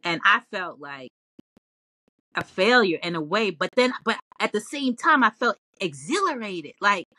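A woman guest in a casual interview, telling her story in an animated way with lots of laughs and fillers. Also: medium pitch, measured pace, no room sound. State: tearful, near crying.

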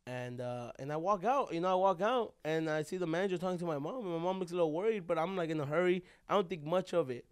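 A man's voice: a little high, fast talker, hardly any pauses, smooth, no room sound, studio quality. A young man co-hosting a podcast, telling a heartfelt story in a rambling, casual way full of "bro" and "like.". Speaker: podcast co-host.

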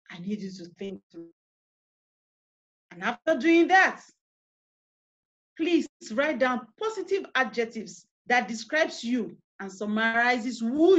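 A woman's voice: on the high side, muffled recording. A woman with a Nigerian accent giving an online parenting workshop. She talks earnestly, asks listeners many questions and guides them through an imagined scene. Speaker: parenting coach. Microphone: video call.

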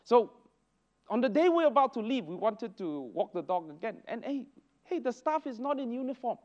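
A man leads a church Bible lesson, telling anecdotes with bursts of exclamation. His voice sits high and leaps around expressively. The recording sounds dull and lo-fi. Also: fairly quick. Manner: animated storytelling with exclamations. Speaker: Sunday school teacher.

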